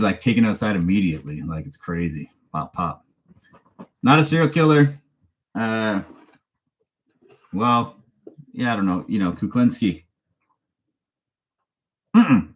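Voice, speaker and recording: A man, hosting a casual live-stream chat in a rambling, chatty way and laughing often as he reads viewer questions aloud. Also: fairly low pitch. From Canada. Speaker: true crime channel host.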